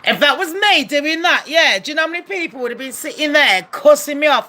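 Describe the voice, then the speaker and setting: A woman delivers a blunt, profane opinion rant straight to her viewers. Her voice sits high and she keeps hammering home her points with heated rhetorical questions. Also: expressive, fairly quick, hardly any pauses, sharp tone. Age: adult. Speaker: commentary vlogger.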